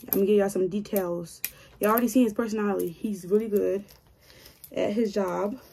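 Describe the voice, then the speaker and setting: A woman's voice: medium pitch, steady tone, brisk, creaky, dark tone, a little hiss or hum. A woman chatting casually to her viewers while doing her own hair, joking and grumbling to herself as she goes. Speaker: hair vlogger.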